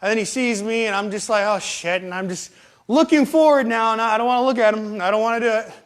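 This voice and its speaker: A man's voice: high-pitched, fast talker. A young man telling profane, rambling, self-mocking stories in casual talk. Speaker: storyteller. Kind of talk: casual storytelling. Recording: live stream.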